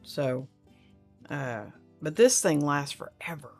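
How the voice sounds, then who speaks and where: A woman's voice: sits low, lively intonation, takes it slowly, soft background music. A middle-aged woman, hosting a casual livestream chat and reading viewer comments aloud in a rambling, friendly way. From Oklahoma.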